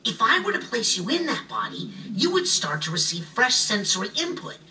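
Casting: a bright, lively, inquisitive young boy hero, heard at a distance over music. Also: medium pitch, moderate pace, a little hiss or hum. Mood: reassuring. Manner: earnest, inquisitive, gently coaxing. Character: curious, earnest young psychic boy.

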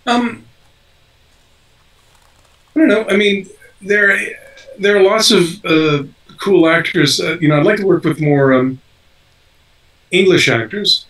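A man's voice: high voice, slow, long pauses, a bit bright, recorded from a distance, poor audio. An older man, an actor being interviewed, talking casually with lots of fillers and restarts. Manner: rambling, many fillers and restarts. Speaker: actor guest.

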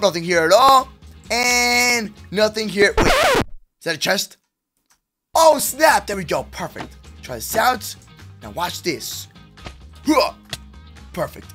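A young man hosting a gaming video, giving energetic commentary in a hyped, hushed, sneaky way. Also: high-pitched. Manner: hyped, hushed stealth narration.

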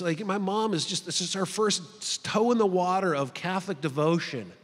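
Male retreat speaker, high voice, lively storyteller, long hall reverb. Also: brisk, hardly any pauses, husky. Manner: animated, acting out the voices in his story. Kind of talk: storytelling talk to clergy. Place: large conference hall.

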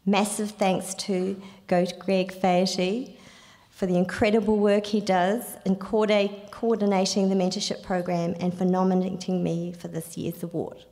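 A woman with a New Zealand accent reading out an acceptance speech on someone's behalf, in a halting, apologetic way. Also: medium pitch, flat delivery, dark tone, long reverb tail. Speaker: award acceptor.

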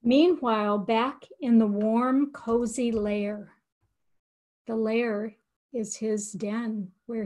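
An older woman teaching from a picture book, reading slowly and expressively and pausing to explain words. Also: on the high side, a little mellow. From United States. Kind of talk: read-aloud lesson for educators.

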